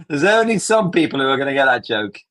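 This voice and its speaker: A man hosting a live software lesson, walking through steps in a chatty, joking way. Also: on the high side. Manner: chatty, jokey, step-by-step. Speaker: tutorial host.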